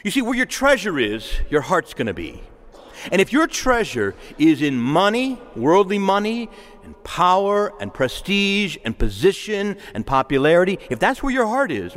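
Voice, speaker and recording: A man delivers a homily in a casual, talky way, full of asides and restarts. His voice sits a touch high and moves a lot. A long church reverb trails each phrase. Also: a bit bright. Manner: conversational preaching with asides and repetitions. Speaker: priest. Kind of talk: sermon.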